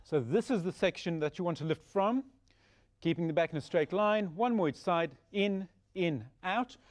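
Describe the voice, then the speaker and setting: Male Pilates instructor with a fairly high voice, calm breath-by-breath cueing, encouraging. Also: a little fast. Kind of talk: guided exercise instruction.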